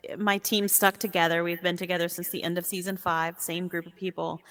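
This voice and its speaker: A woman speaking as an interview guest in casual chat, warm and animated and quick to laugh. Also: lowish voice. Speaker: guest, VR sport caster. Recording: long echoey reverb.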